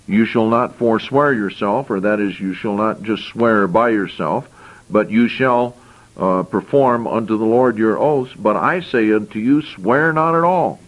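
A man's voice: on the low side, highs cut off. A man preaching a sermon, reading scripture verses aloud and explaining them, with frequent repeated phrases.

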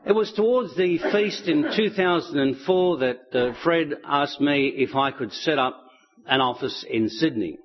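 A man telling stories to an audience in a relaxed, chatty way. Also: on the high side, measured pace, lo-fi sound. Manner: relaxed, chatty, with light laughs. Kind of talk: storytelling talk to an audience.

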